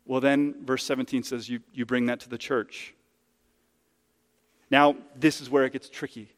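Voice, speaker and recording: A man's voice: fairly high pitch, in a large hall. A man preaching a sermon as pastor in a conversational, emphatic way, using hypothetical examples. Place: church sanctuary.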